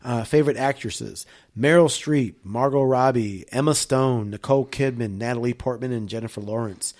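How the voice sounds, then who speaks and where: A man's voice: medium pitch, normal speed, a little mellow. A man as a podcast guest, chatting enthusiastically, rambling and swearing heavily. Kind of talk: casual podcast chat.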